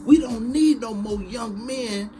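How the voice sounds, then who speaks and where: Slow, preachy man. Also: very high voice, a crowd in the background. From Chicago, USA. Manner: emphatic, preachy, sounds like shouting even when calm. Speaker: online commentator. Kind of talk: casual live-stream monologue.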